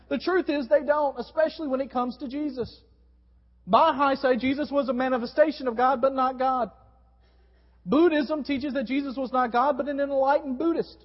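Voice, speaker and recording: High-voiced male preacher in a reverberant hall. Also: steady tone, normal speed. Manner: preaching with wide swings in pitch and volume. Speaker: pastor. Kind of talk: sermon. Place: church sanctuary. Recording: dull recording in a long-reverb hall.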